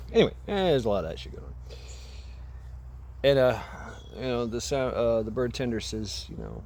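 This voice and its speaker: A man's voice: mid-range voice, sing-song, normal speed, a little mellow, a little hiss or hum. A man vlogging outdoors into a camera mic, casually retelling a movie in a rambling, profane way. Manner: rambling, profane, laughs at his own story. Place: outdoors by a path.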